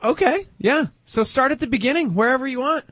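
A man's voice: very high-pitched, fast, fairly bright tone, no room sound. A man co-hosting a call-in radio show, upbeat and loose, laughing often between calls. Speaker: radio co-host. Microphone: studio microphone.

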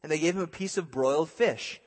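Pastor, male, a touch high-pitched, relaxed and joking as he preaches, big echoing hall. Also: brisk. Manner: conversational preaching with jokey asides. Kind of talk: sermon.

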